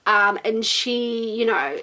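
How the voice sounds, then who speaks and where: A woman's voice: on the high side, animated, slow, pushed and bright. A young woman giving a casual, sarcastic book review, exasperated and swearing freely while reading quotes mockingly.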